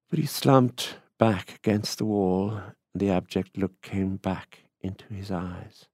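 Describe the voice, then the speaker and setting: A man giving a measured literary reading of a short story. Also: low voice, a little mellow, husky, no room sound, clean studio sound. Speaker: reader.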